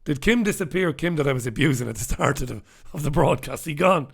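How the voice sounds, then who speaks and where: A blunt, sarcastic Irish man hosting a solo news review show, reading out chat comments and swearing freely as he goes. His voice sits a little high for a man and has a gravelly, crackling edge. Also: expressive, fast talker. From Ireland. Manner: blunt, sarcastic and profane, with asides and laughs. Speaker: host.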